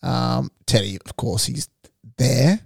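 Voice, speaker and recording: A young man with a gravelly voice, recorded dry and close in a studio. He talks in a laid-back way and teases his co-host drily. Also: mid-range voice, takes it slowly, dry recording. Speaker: podcast co-host. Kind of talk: casual chat.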